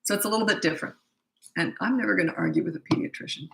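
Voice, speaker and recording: A woman's voice: lowish voice, rapid-fire, gravelly, a bit bright, reverberant, poor audio. A middle-aged woman coaching parents in a casual Q&A, blunt, emphatic and repetitive. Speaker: parenting coach answering viewer questions. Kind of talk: casual live Q&A.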